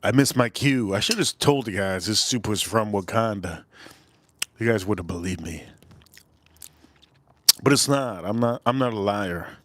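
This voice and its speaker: A man's voice: fairly low pitch, unhurried, pauses often, fairly bright tone, no echo. A man from Miami rambling crudely and joking while eating on a live stream. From Miami, Florida. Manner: rambling, crude, joking, talks with food in mouth. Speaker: livestream food reviewer.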